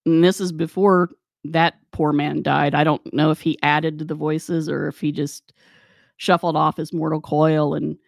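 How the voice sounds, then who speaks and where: Woman, casual storytelling, wry, animated, lowish voice, dry close sound. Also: unhurried, gravelly, no echo.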